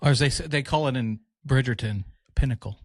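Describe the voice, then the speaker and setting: Rambling, joking podcast host. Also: male voice, medium pitch, dry recording, studio quality. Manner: rambling, joking, quick asides. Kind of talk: casual chat.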